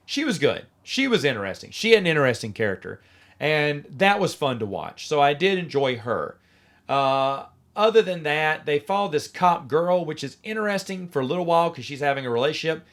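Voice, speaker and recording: A middle-aged man hosting a podcast on his own, giving an opinionated, sarcastic review in casual chat and mocking lines in a flat voice. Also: a little high. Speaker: podcast host. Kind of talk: casual solo review monologue.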